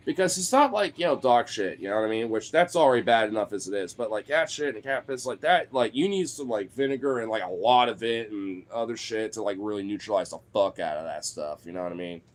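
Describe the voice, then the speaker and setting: A man's voice: lowish voice, expressive, quick pace, few pauses. A young man telling a personal story in a casual, rambling way, swearing freely and swinging from laid-back to exasperated.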